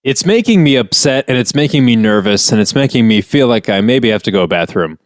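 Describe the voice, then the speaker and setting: Man, comedy podcast co-host, deadpan, absurd theories, mid pitch, dry close mic. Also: a little fast, dry recording. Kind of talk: comedy bit.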